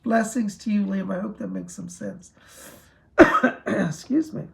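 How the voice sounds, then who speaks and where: Hoarse, gravelly psychic man giving readings. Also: high-pitched, wildly swooping pitch, unhurried, a bit bright. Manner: reassuring, relays spirit messages to viewers. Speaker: psychic medium. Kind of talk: live-stream psychic readings.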